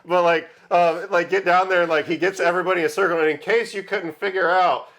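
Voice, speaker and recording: A man co-hosting a podcast, chatting casually about a film, animated and quoting movie lines in put-on voices with frequent laughter. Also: sits high, fast talker. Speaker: podcast co-host.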